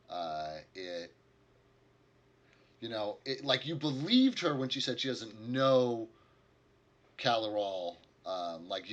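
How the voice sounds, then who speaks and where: A man's voice: fairly low pitch, fairly bright tone. A man narrating as game master, rambling with many fillers.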